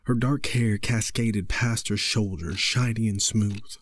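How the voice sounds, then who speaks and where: A man narrating a horror story in a slow, measured way. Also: on the low side, fairly even intonation.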